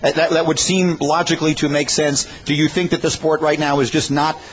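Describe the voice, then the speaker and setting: A man hosting a sports talk radio show, chatting easily and steering the talk with questions. His voice is on the higher side. The recording is slightly dull, with faint noise underneath. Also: level tone, fairly quick. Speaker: host.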